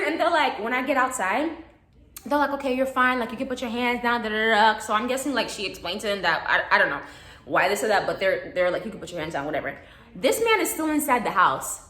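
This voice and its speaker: A young woman recounts a story to the camera in a high, bright, very lively voice. Her chatty delivery swings up and down as she acts out what people said. The room gives her voice a noticeable echo. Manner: animated, chatty, laughs often, acts out quotes. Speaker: vlogger. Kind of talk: casual storytime. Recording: echoey room.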